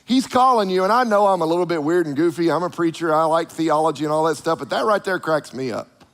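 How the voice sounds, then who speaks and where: A man preaching a sermon in an animated way, acting out the voices of the people he quotes. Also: on the high side, fast talker, long reverb tail.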